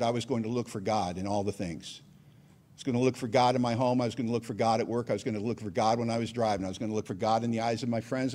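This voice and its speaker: Sharing his story at a recovery meeting, a man with a mid-range, darkish voice speaks in a conversational testimony. He wanders into asides often along the way.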